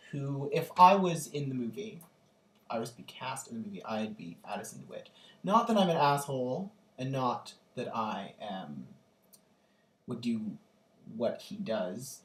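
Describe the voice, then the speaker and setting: A young man vlogging casually, telling an animated, gushing story full of ums and likes. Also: medium pitch. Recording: echoey room, distant from the mic.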